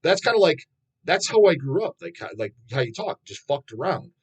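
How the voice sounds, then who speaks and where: A man's voice: fairly high pitch, sing-song, moderate pace, slightly rough, low-quality recording. A man in his thirties who hosts his own channel, answering fan questions in a rambling, blunt monologue full of swearing. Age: 30s. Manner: profane, blunt, swears constantly, laughs at himself.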